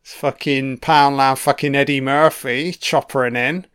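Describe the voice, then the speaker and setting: A man's voice: mid-range voice, steady tone, measured pace, few pauses, bright, forceful tone, clean tone. A man giving a casual, profanity-filled commentary on a film, reacting to scenes as they play. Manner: heavy swearing, chatty reactions.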